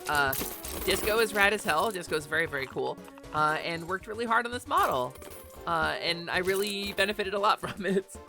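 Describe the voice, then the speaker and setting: A woman streaming a game live from her home office, chatting in an animated way and swearing freely. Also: fairly low pitch, moderate pace, music in the background. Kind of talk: casual live gaming stream chat.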